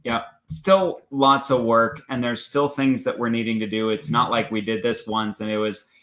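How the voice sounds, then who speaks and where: A man's voice: medium pitch, fairly even intonation, moderate pace, a bit bright. Earnest explaining father. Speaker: co-host, parent. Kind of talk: casual parenting talk.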